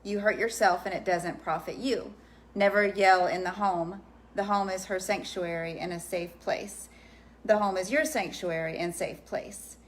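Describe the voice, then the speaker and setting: A woman, the host's wife, reading a note aloud in a steady, plain voice and then chatting casually. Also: mid-range voice, measured pace.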